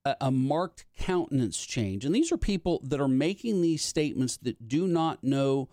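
Halting male radio host. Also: medium pitch, lively intonation, warm tone, dry recording, studio quality. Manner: measured, halting, with fillers. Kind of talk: casual radio talk show.

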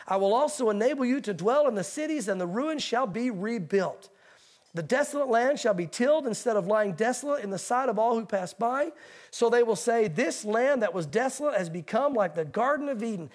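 High-voiced man preaching a sermon. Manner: preaching, reading scripture aloud slowly and emphatically. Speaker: pastor.

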